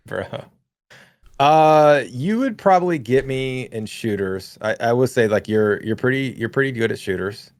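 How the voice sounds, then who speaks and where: A man co-hosting a casual gaming podcast, laid-back and quick to laugh, with lots of fillers, reading chat messages aloud. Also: mid-range voice, animated, no room sound, clean studio sound. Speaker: podcast co-host.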